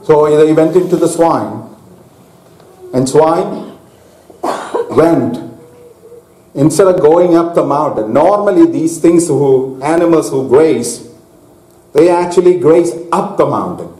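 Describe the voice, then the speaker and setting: A man preaching a sermon to a congregation, slow and deliberate, stopping to ask his listeners questions. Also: a little high, lively intonation, dark tone. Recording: echoey hall.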